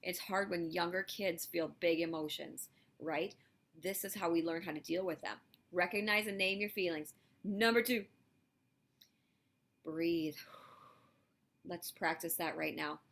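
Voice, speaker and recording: Encouraging female teacher, lively delivery to young kids, a bit low-pitched. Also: moderate pace, creaky. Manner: lively, encouraging, talks directly to children. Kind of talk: video lesson for elementary students.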